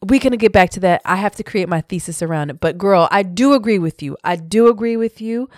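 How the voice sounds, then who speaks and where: Animated woman co-host, dry sound. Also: mid-range voice, a little fast, no room sound. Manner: animated, musing, jokey. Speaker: podcast co-host. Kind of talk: casual chat.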